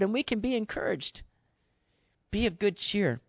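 Man preaching in a casual, animated way. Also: high voice, moderate pace, gravelly, pauses often, no room sound, dull audio. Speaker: pastor. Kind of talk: conversational sermon.

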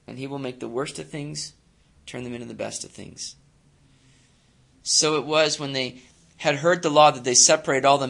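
A man's voice: medium pitch, gravelly, a bit bright. A male pastor preaching a sermon in a conversational way, with frequent fillers and repeated words.

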